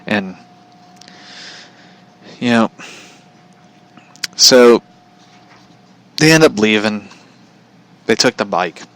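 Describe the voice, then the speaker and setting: A man's voice: fairly low pitch, animated, very slow, pauses often, a bit bright, no room sound. A man hosting his show from home, telling a story as a profane, aggravated rant. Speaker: show host. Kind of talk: ranting storytelling.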